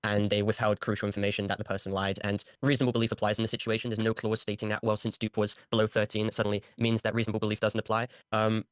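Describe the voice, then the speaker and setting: A man rattles off his side of things at a breakneck clip, his fairly low voice barely rising or falling. He talks bluntly, swears now and then and fills gaps with ums. The sound is close and dry. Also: clear, resonant tone, no echo. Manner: rapid, flat delivery with many ums. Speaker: online creator answering accusations. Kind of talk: casual call conversation.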